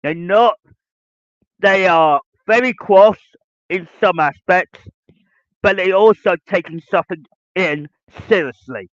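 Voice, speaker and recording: High-voiced man ranting. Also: takes it slowly, dry recording. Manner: ranting, repetitive, lecturing listeners directly. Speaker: podcast host. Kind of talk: podcast monologue. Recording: dull lo-fi dry sound.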